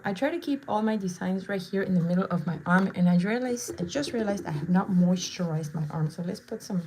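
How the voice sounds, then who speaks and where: A woman's voice: mid-range voice, darkish tone. Brief: bubbly woman face painter, thirties, chatty live-stream host, faint hiss behind. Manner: bubbly, chatty, playful asides. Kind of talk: casual live-stream chat while painting.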